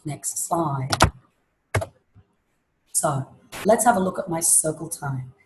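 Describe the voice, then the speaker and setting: A woman's voice: low voice, slow, very noisy. Woman teacher trainer presenting a webinar. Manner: lively, demonstrates classroom voices and chants.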